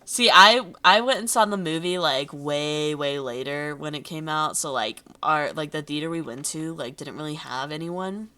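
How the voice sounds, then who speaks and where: A woman streamer chatting casually with a friend, animated and full of "like"s. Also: low voice, moderate pace, few pauses. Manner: animated, laughing, many "like"s. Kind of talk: casual chat.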